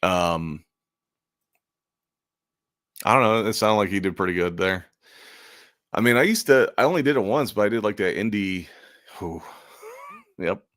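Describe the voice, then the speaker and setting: A man's voice: fairly low pitch, lively intonation, unhurried, pauses often, fairly bright tone, no room sound, clean studio sound. A man in casual chat about selling art at conventions, rambling and making self-deprecating jokes. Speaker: convention artist and channel host.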